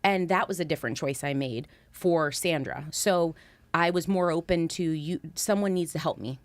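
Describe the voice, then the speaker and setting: A woman's voice: low-pitched, moderate pace, dry recording. A woman in her thirties, a guest talking candidly and earnestly in casual conversation. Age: 30s. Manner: earnest, animated when recounting, lively laughter.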